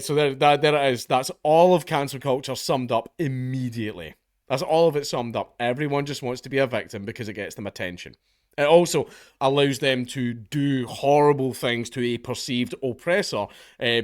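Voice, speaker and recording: A young Scottish man tears into his subject with profane, sarcastic scorn. His voice sits at an ordinary middle pitch. The recording is close and dry, with no room around it. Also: no echo. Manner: profane, mocking, sarcastic rant. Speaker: online commentator. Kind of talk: ranting commentary.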